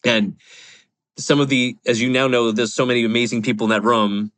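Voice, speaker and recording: A man's voice: medium pitch, fairly even intonation, a little fast, a bit bright, no echo. A man in his forties, a podcast guest, telling a personal story candidly in a rambling, confessional way with lots of fillers. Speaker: podcast guest, real estate investor.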